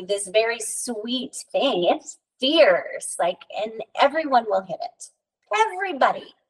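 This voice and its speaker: A woman's voice: medium pitch, distant mic, poor audio. A woman guest on a podcast, talking earnestly about spirituality, telling stories and often adding "right?" and "you know". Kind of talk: casual spiritual conversation.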